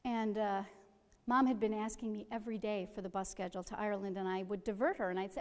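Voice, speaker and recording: A middle-aged woman telling a personal story with gentle humor. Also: mid-range voice, fairly even intonation, quick pace. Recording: long hall reverb.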